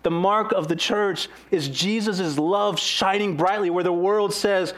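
Animated young male preacher. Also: unhurried. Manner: earnest, animated, with sudden swings in pitch and pace. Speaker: pastor. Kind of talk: sermon.

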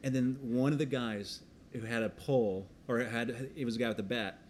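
Male pastor, animated sermon storyteller, faint background hum. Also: mid-range voice, moderate pace. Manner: animated, self-deprecating, acts out dialogue.

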